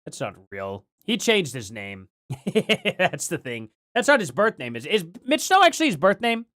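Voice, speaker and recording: A man's voice: fairly high pitch, huge pitch swings, moderate pace, fairly bright tone. A man live streaming casual commentary, rambling with lots of fillers and chuckles.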